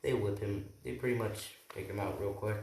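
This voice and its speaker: Man, casual rambling storyteller, very low voice, echoey room. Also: steady tone, moderate pace, a little mellow. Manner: rambling, keeps asking "right?". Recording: roomy room echo, faint noise.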